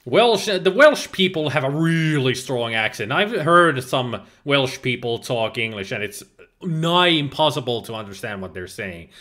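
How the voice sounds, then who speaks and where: A man's voice: mid-range voice, expressive, normal speed, bright, forceful tone. A man from Finland, a native Finnish speaker, chatting casually as a game streamer, reading viewer chat aloud and answering it with frequent laughs. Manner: laughs often, playful exclamations. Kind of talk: casual livestream chat while gaming.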